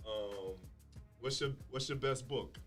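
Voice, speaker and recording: A man's voice: mid-range voice, slow, fairly bright tone, faint music behind. A man hosting a live-streamed podcast in a casual, joking way, teasing his guests. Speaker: podcast host.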